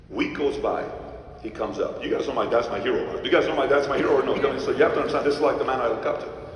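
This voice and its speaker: A man telling a personal story to an audience, emphatic, jumping between loud outbursts and quiet asides. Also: medium pitch, a little hiss or hum. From Iran. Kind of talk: animated storytelling to a live audience. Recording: echoey hall from far off.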